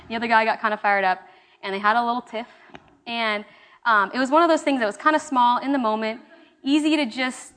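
A young woman with a high-ish, fairly bright voice leads a small-group Bible study. Her sermon teaching is casual and conversational, dotted with fillers and restarts.

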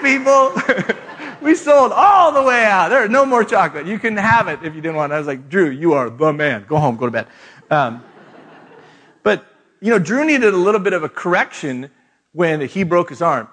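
A middle-aged man with a fairly high, lightly raised voice tells a family story to a live crowd. He jokes at his own expense and chuckles along the way, in a loose, humorous retreat-talk manner. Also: fairly bright tone. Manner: storytelling with self-mocking jokes, laughing. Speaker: speaker.

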